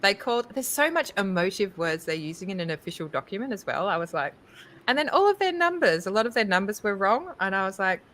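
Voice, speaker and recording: A woman talking casually on a crypto panel, chatty and animated, with many ums and likes. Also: medium pitch, fast talker. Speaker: crypto conference speaker. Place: livestreamed panel.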